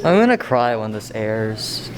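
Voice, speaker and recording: A man's voice: lowish voice, sing-song, a little slow, over loud music. A teenage boy, a student reporter, asking classmates for raven calls with self-mocking humor. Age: teens. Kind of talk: hallway interviews. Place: school hallways and classrooms. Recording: crowded school hallway.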